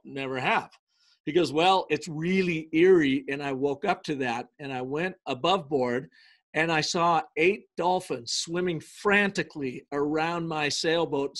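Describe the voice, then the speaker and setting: A middle-aged man, a guest on an interview show, tells business stories in a lively way and acts out the quoted dialogue. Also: a little high. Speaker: guest, brand storytelling consultant. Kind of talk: storytelling in a casual interview.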